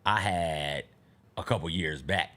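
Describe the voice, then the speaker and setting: A man co-hosting a talk show, chatting casually and telling a story in a jokey, animated way. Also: deep voice, measured pace. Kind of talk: casual chat.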